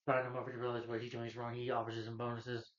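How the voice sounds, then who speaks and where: A man's voice: medium pitch, monotone, quick pace. Young male reviewer, chatty and rambling, mid-range voice, somewhat muffled lo-fi recording. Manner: rambling, heavy on "you know" fillers, acts out quotes. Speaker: movie reviewer. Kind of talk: casual movie recap. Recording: slightly dull lo-fi recording.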